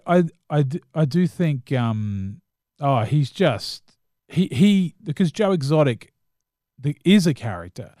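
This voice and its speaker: A man's voice: fairly high pitch, very animated, unhurried, dark tone, no echo, clean studio sound. New Zealand man chatting about films. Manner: rambling, full of restarts and fillers, enthusiastic. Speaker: podcast co-host. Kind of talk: casual chat reviewing films and shows.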